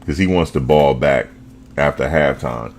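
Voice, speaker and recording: A man hosting a fan show, talking football in a casual, animated way, full of slang and repetition. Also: very deep voice, measured pace, slight background noise. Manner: animated, repeats himself, slangy.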